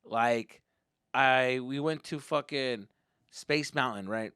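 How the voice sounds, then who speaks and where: A young man telling a comic story as a podcast host, profane and animated, jumping into voices. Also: mid-range voice, takes it slowly, smooth, no room sound, studio quality.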